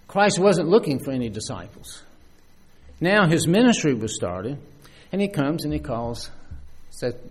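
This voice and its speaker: A man preaching a sermon in a lively, conversational way, with frequent restarts and asides. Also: on the high side.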